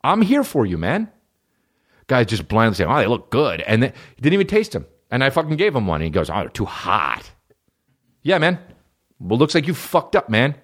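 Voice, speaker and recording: A man's voice: mid-range voice, fairly quick, breathy edge. A male podcast host ranting through a comedic story, swearing often and acting out the other people's lines. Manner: animated storytelling, profane, acts out voices of others. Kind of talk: solo comedic podcast rant.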